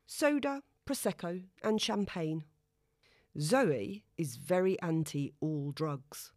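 Low-voiced woman narrating a novel. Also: animated, takes it slowly, a little mellow, dry recording, clean studio sound. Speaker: audiobook narrator. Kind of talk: scripted narration.

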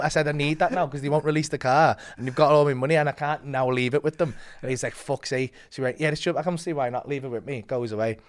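Comedian guest, higher pitch, sweary animated storyteller. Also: male voice. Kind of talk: casual anecdote with quoted voices.

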